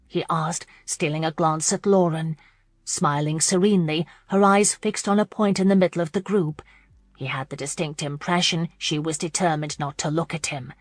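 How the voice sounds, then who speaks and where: A woman narrating a historical romance audiobook in a measured, expressive scripted read. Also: deep voice, no room sound, studio quality.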